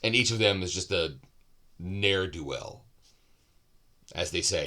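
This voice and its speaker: A man's voice: deep voice, expressive, slow, long pauses, bright, forceful tone. A man giving a casual, unscripted book review, loose and rambling with asides and self-corrections.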